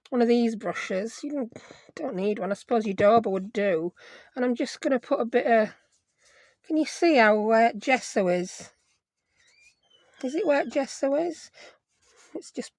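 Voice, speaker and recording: A chatty woman talks through a craft project while she works, casual and self-deprecating. Her voice sits a little on the high side. The sound is close and dry, with no room around it. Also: dry recording. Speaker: craft video host.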